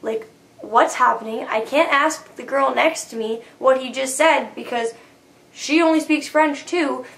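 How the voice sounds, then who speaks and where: A young woman with a high, bright voice rambles through a personal vlog story. She talks in a chatty, filler-heavy way and keeps slipping into quoted versions of her own anxious thoughts. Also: a little slow, vocal fry. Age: young adult. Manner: chatty, lots of "like" fillers, acts out her own inner panic. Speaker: university freshman vlogger.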